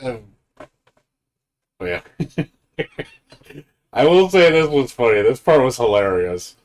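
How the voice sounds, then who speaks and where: A game streamer with a mid-range, sing-song, slightly mellow voice takes his time as he chats on a casual live stream. He's profane and laughing, rambling through whatever comes to mind.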